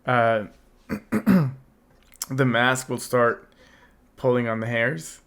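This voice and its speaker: Podcast co-host, man in his 30s, hoarse, chatty, throat-clearing. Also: medium pitch, level tone, extremely slow, fairly bright tone. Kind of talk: casual chat.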